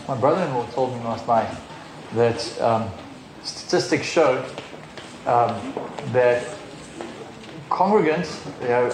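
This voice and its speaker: A man's voice: medium pitch, roomy sound, noisy background. A male pastor preaching a sermon in a loose, chatty way, full of ums and restarts. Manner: informal, rambling with many fillers.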